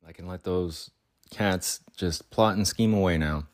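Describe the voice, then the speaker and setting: Low-voiced rambling male podcast host. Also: a little slow. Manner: rambling, jokey asides, voices his cats' imagined plotting. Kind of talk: casual solo podcast monologue. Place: makeshift break room at home, fridge and cats nearby.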